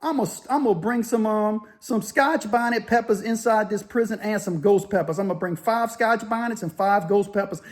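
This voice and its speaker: Brief: a man playing a prison guard, drawling and teasing, a little higher than his usual voice. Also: normal speed, few pauses, natural voice. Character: male prison guard, goading.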